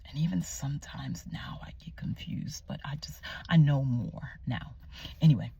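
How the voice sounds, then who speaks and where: A woman vlogger sharing a personal faith testimony, candid and emotional, often dropping to hushed tones. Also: rumbling low, normal speed, creaky, slightly rough, dry recording, in a whisper. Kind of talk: confessional personal storytelling.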